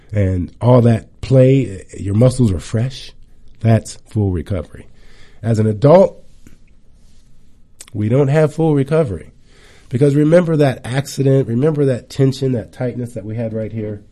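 A middle-aged man giving a casual wellness talk, chatty and animated, telling stories with lively asides. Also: mid-range voice.

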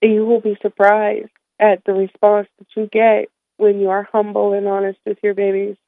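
Female radio guest, mid-pitched, emotional and candid, dry tinny phone audio. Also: completely flat delivery, moderate pace, creaky, dry recording. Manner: emotional, candid, warm with light laughter. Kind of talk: radio interview.

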